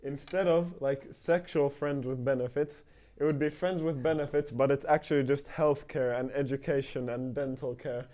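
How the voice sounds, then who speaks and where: A man's voice: mid-range voice, steady tone, normal speed, warm tone. A young man co-hosting a podcast, rambling through silly ideas with lots of fillers. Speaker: podcast co-host. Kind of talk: casual chat.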